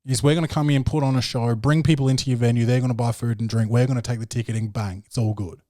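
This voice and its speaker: A young man hosting a podcast, telling stories in a profane, slangy, animated way. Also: medium pitch, quick pace, no room sound, clean studio sound. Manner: swearing, slangy, animated storytelling. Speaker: podcast host. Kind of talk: casual profane monologue.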